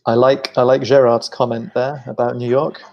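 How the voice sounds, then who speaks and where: A man's voice: medium pitch, little pitch movement, moderate pace, a little mellow, lo-fi sound. A man co-hosting an online English lesson, chatting in a playful, self-deprecating way. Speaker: English teacher co-host. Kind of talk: casual teaching chat.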